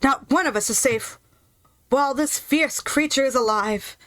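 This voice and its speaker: Woman doing a solemn tiger elder, formal pleading tone, smooth voice. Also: high voice, normal speed, no echo, pitched above the performer's own voice, natural voice. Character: grave old tiger, leader of the beasts.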